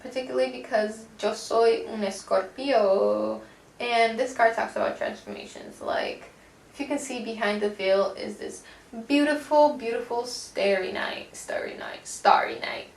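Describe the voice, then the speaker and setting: A woman's voice: fairly high pitch, steady tone, normal speed, creaky. A woman giving a casual pick-a-card tarot reading, chatty and slangy, swearing and calling the listener baby. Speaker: tarot reader. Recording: echoey room, distant mic, faint noise.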